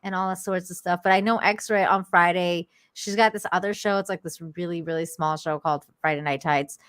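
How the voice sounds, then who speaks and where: A woman's voice: lowish voice, fairly even intonation, brisk, fairly bright tone, no echo, studio quality. A woman from Canada, a guest on a talk stream, chatting casually and rambling with many restarts. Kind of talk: casual chat.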